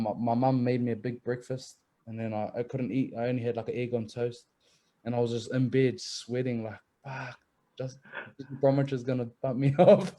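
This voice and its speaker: A young man tells stories in a relaxed, easygoing way, swearing freely and laughing as he goes. His voice sits at an ordinary pitch with a mellow, warm tone. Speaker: rugby league player, guest. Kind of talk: casual chat, storytelling.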